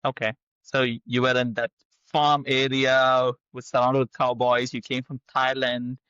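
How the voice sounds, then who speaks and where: A man's voice: medium pitch, little pitch movement, unhurried, pushed and bright, clear, resonant tone, no echo, lo-fi sound. A man hosting a business interview, asking casual questions full of fillers. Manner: conversational, filler-heavy questions. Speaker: podcast host.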